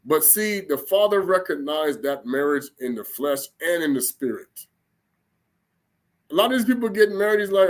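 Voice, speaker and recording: A man's voice: a little high, lively intonation, normal speed. A man giving an informal spoken sermon in a rambling, colloquial way, with frequent restarts and "okay?" checks. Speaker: religious teacher.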